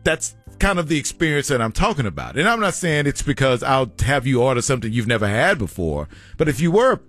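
A man, co-hosting a casual chat and telling stories with animated quoted asides. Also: medium pitch, quick pace, soft background music. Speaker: podcast co-host.

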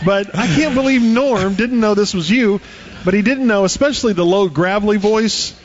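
Male co-host, casual banter, joking, higher voice, muffled broadcast sound. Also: normal speed, a little hiss or hum. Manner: joking, laughs often. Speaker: radio co-host. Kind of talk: casual on-air chat.

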